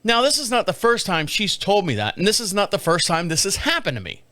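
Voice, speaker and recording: A middle-aged man talks through a casual podcast monologue in a bright voice that sits high for a man. He rambles from story to story with animated energy and often mimics other people. The sound is dry and close to the mic, with no room around it. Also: fairly quick, dry recording. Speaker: podcast host. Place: home studio.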